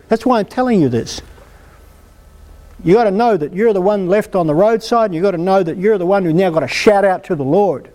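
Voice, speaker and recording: Man, preacher, sermon, emphatic, exhorting, higher voice. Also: a little fast. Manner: emphatic, animated, exhorting the congregation. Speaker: preacher leading a healing meeting.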